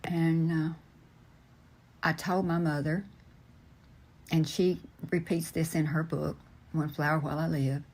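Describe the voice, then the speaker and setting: An older man slowly recounting a personal memory, pausing often with ums and uhs. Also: a little high, little pitch movement. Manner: unhurried, halting, with many ums and uhs. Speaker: storyteller recounting family memories. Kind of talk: slow personal recollection.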